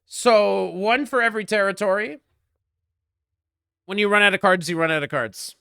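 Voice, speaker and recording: A man with a bright, crisp voice talks through a strategy game as he streams it. His commentary is loose and joking, and he answers his chat as he plays. The sound is dry and close on the mic. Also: sits high, moderate pace, dry recording. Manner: chatty, joking, answers chat, gets loud when frustrated.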